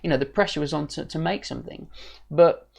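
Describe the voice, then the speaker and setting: A man's voice: on the high side, a little fast, creaky. Male streamer, enthusiastic, rambling, casual storytelling. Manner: enthusiastic, rambling, with many restarts. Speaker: livestream host.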